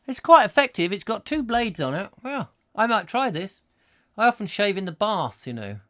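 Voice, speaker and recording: A man's voice: high-pitched, sing-song, moderate pace, a bit bright, dry recording. Chatty jokey male host, dry sound. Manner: chatty, jokey storytelling, sings snatches. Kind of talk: comic rambling live chat.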